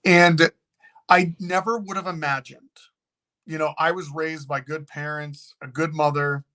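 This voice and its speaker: A man who owns a haunted location, a guest telling a story in casual, animated talk and swearing freely. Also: fairly high pitch, unhurried.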